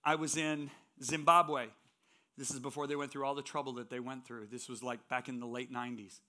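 A man's voice: medium pitch, level tone, a little fast, bright, forceful tone. A man preaching as a guest speaker in a church, telling stories with strong emphasis. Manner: storytelling, emphatic. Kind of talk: sermon with personal stories.

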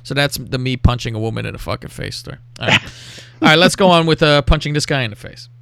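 A man's voice: mid-range voice, fast talker, vocal fry, background noise. A man hosting a podcast, telling a crude story with lots of swearing and acting out what people said. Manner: profane, animated, acts out quotes. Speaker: podcast host.

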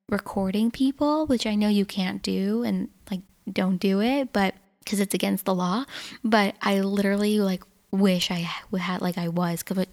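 A young woman hosting a podcast, telling a personal story in a casual, earnest way, with lots of "like" and restarts. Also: mid-range voice. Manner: chatty, filler-heavy, earnest and emotional. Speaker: podcast host.

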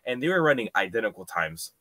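A man's voice: lowish voice, sing-song, quick pace, pushed and bright, no room sound. A young man, a motorcycle racer guest, chatting loosely with lots of fillers. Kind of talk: casual chat.

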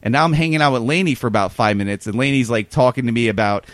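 A man's voice: medium pitch, fast, no echo. A man telling a long rambling anecdote in casual chat, full of fillers and quoted dialogue. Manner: rambling, animated, many fillers. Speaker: guest telling a story. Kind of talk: casual storytelling.

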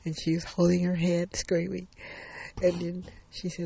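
A man retelling a thriller story in a casual, halting way, often repeating phrases and restarting. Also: sits high, monotone, vocal fry, dark tone, slightly rough.

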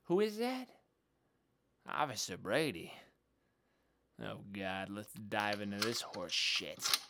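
Whiny petulant man, slow drawl. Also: on the low side, huge pitch swings, a little hiss or hum. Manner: whiny, petulant, swings to loud outbursts. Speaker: junior police officer in a sketch. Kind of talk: comedy sketch acting.

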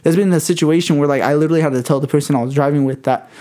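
A man's voice: on the high side, rapid-fire, warm tone. A young man in his twenties telling a rambling, swear-heavy story in casual chat.

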